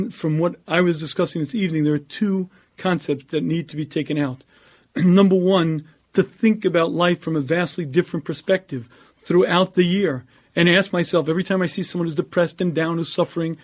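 A rabbi delivers an earnest, emphatic Torah lecture, then takes questions from his audience. His voice sits high for a man, and he keeps clearing his throat as he speaks. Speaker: rabbi giving a talk.

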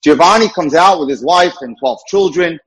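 A man teaching a dating class in a lecture style, with a husky, somewhat raised voice. He is earnest and emphatic and often repeats his main points. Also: a little high, moderate pace, low-quality recording. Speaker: dating mentor.

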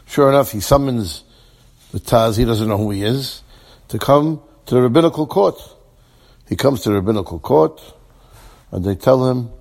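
A man telling a story with lively, animated voices for each character. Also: medium pitch, moderate pace, gravelly. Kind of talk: storytelling, acting out dialogue.

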